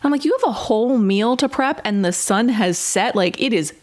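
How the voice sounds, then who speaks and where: A podcast co-host recaps a reality show in a casual, exasperated chat full of "like." Her voice is on the high side and expressive, moving at a moderate pace.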